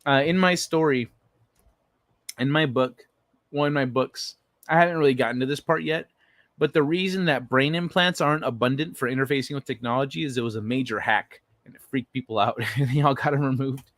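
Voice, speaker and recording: A man in his own casual livestream voice, neither high nor low, riffing on chat messages with blunt, profane remarks. The sound is close and dry, with no room echo. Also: a little fast, a bit bright. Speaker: livestream host reading chat.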